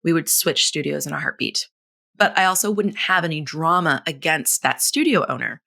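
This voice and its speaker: A woman in her thirties hosting a solo podcast, coaching in a blunt, frank and animated way, swearing casually and laughing often. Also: lowish voice, normal speed, gravelly. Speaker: podcast host.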